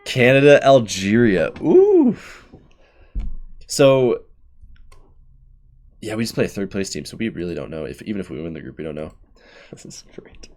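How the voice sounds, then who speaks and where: Lower-voiced man thinking aloud. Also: huge pitch swings, darkish tone. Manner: thinking aloud, quick asides and laughs. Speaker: channel host. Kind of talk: casual bracket-prediction commentary.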